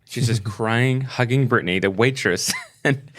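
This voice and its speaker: A man's voice: mid-range voice, animated, moderate pace, few pauses, fairly bright tone. A middle-aged man telling a story in casual talk on a podcast, acting out the people he quotes. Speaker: podcast co-host.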